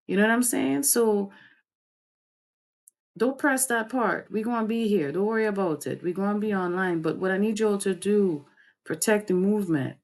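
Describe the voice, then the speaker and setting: A woman hosts a livestream, delivering fiery, preachy commentary at a moderate pace while her pitch swings up and down.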